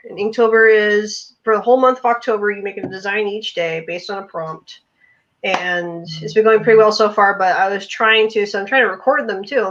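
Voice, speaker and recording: A young adult woman co-hosting a podcast, chatting in a rambling way with lots of restarts. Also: medium pitch. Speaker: podcast co-host. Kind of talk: casual chat. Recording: muffled lo-fi audio.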